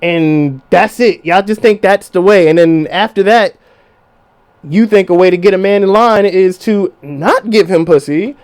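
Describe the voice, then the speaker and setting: A man's voice: high voice, measured pace, clean tone. A young adult man hosting a podcast, talking in a casual, profane monologue and acting out voices as he goes. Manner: profane, animated, acts out quoted voices. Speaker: podcast host.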